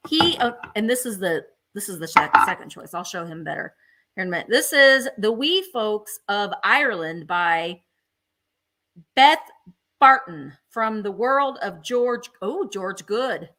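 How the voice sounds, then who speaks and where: Bright, gushing woman selling live. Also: mid-range voice, animated, unhurried. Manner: gushing, chatty, enthusiastic about items. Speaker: live sale host.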